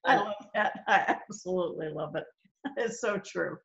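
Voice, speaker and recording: A woman's voice: fairly low pitch, normal speed, muffled recording. A woman hosting a podcast interview, agreeing and building to emphatic points. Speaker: podcast host. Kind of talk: casual interview chat.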